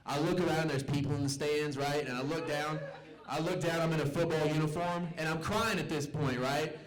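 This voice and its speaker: A man's voice: a little high, steady tone, brisk. Self-mocking Southern man doing stand-up. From American South. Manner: loose, self-mocking, acts out the people in his stories. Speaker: stand-up comedian. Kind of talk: stand-up storytelling. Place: comedy club stage.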